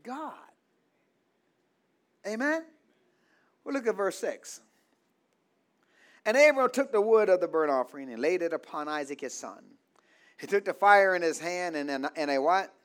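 A man's voice: high-pitched, expressive, measured pace, pauses often. A man preaching a call-and-response sermon in a church, leaving blanks in his lines for the congregation to fill and repeating key phrases. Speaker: pastor.

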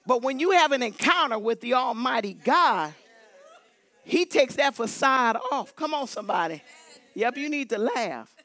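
A woman preaching a lively sermon in church, repeating emphatic exhortations to her congregation. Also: a little high, moderate pace, a faint crowd. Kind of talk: lively sermon with holy laughter. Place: church sanctuary.

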